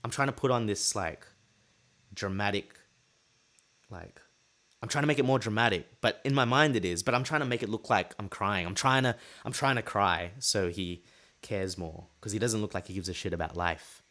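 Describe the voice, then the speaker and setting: A man with a fairly low voice tells a personal story as a podcast host. His delivery is casual and animated, and he slips into the voices of the people in the tale. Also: normal speed. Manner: lively anecdote telling, acting out the dialogue.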